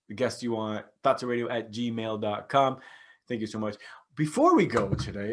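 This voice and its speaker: A man in his forties hosting his own podcast in a casual, rambling solo talk, breaking into sudden excited outbursts. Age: 40s. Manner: enthusiastic, rambling, with sudden excited jumps in pitch. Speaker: podcast host.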